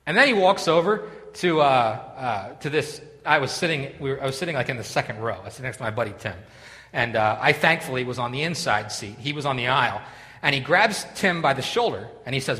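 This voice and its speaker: A man's voice: medium pitch, animated, brisk, sharp tone. A man preaching a sermon in a church, telling a story with many restarts and asides. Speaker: pastor. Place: church sanctuary. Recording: long reverb of a church hall.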